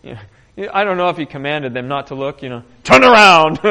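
A man preaching in a conversational way, telling stories with animation and often clearing his throat. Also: medium pitch, fast talker. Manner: animated storytelling. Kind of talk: conversational Bible teaching.

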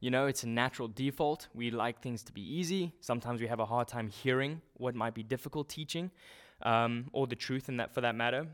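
A man preaching a sermon in a relaxed, conversational way, often restarting and using fillers. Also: medium pitch, a little fast.

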